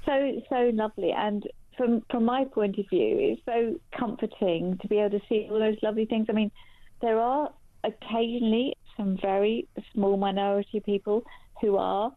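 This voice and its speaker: A tearful woman in her sixties calling in to a talk show by phone, talking in halting, repeated starts. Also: medium pitch, fairly even intonation, dry recording. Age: 60s. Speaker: guest calling in. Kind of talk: emotional phone interview. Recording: phone line, dry.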